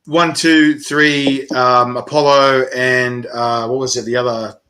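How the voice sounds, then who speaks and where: A man's voice: medium pitch, little pitch movement, takes it slowly, bright, forceful tone. A man with an Australian accent hosting a casual chat, rambling with lots of fillers and laughing often. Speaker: host.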